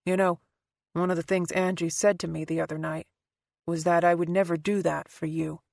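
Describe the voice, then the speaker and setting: A woman narrator lowers her voice to play a guarded, wounded man who speaks quietly and haltingly. The tone is dark and low, read close and dry with no room sound. It is an audiobook character voice. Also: little pitch movement, vocal fry, dry recording. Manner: soft, halting, low-key delivery.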